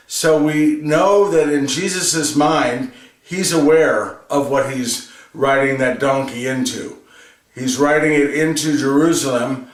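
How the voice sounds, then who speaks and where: A man's voice: mid-range voice, far from the mic. Earnest man preaching in an echoey room. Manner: earnest, repeats phrases for emphasis. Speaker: religious reflection presenter. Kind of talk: homily.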